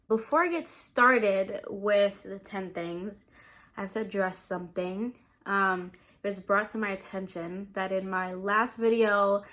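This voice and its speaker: A young woman in college, chatting casually to camera as a vlogger while eating, relaxed and rambling with many fillers. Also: mid-range voice. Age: young adult. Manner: relaxed, rambling, lots of "like" and "you know".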